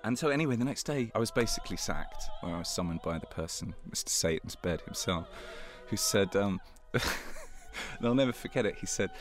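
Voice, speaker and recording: A man as an interview guest, telling a story in an animated, self-mocking way and laughing as he goes. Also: lowish voice, brisk, faint music behind. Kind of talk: anecdotal storytelling.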